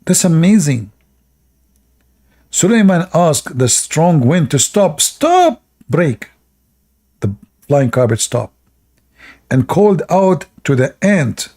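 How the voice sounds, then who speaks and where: A man hosting a livestream, retelling a story mockingly in halting, non-native English with frequent laughs. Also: a little high, lively intonation, mellow. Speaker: livestream host.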